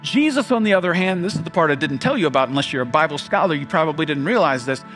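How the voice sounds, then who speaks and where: A man preaching a sermon as pastor, animated and quick to laugh, acting out voices from the story. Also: on the high side, faint music behind.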